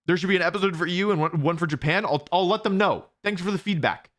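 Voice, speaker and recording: A man's voice: high voice, quick pace, fairly bright tone. A young man hosting a live stream, chatting casually as he reads out viewer questions and answers them with lots of restarts. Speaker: streamer hosting a watch party.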